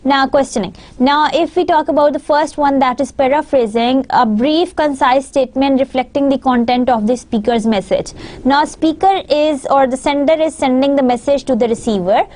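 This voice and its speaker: High-voiced woman lecturer, Pakistani English. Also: normal speed, a little mellow. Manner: patient, explanatory teaching with frequent recaps. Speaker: university lecturer. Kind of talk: recorded online lecture.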